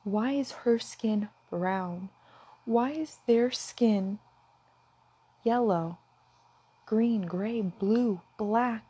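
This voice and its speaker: A woman's voice: on the high side, very slow, pauses often, dark tone, slightly rough. A woman talking straight to her viewers in an earnest, impassioned way, at times close to tears. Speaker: vlogger. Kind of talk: emotional direct-to-camera talk.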